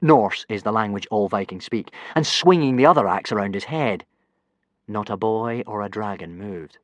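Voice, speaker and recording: A man narrating a children's adventure book with expressive delivery. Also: lowish voice, moderate pace, no echo. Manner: animated, expressive. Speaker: audiobook narrator. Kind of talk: storybook narration.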